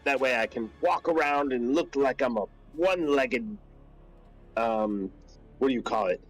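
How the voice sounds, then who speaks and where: A man's voice: medium pitch, animated, measured pace, soft background music, rough recording. A man playing a tabletop game, laid-back and joking as he plans his moves. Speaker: player. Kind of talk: tabletop role-play chat.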